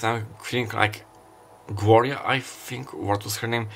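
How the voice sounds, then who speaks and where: Low-voiced man giving a rambling tarot reading. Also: steady tone, normal speed, creaky, a bit bright. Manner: meandering, thinking aloud with fillers. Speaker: tarot reader. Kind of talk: casual intuitive tarot reading.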